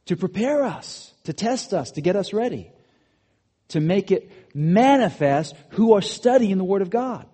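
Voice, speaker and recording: A man preaching a sermon, animated, rising to emphatic peaks and dropping to quiet asides. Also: high-pitched, measured pace, slightly rough. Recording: long hall reverb.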